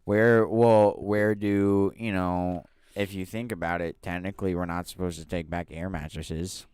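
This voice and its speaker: Smooth-voiced young man telling a work story. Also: sits low, measured pace. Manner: animated, swearing, frequent restarts. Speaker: podcast host. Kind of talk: casual storytelling chat.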